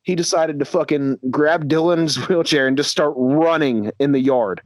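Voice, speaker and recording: A man's voice: fairly high pitch, normal speed, no echo. A young man, a podcast co-host, casually telling a crude story with lots of laughter, acting out his friends' lines.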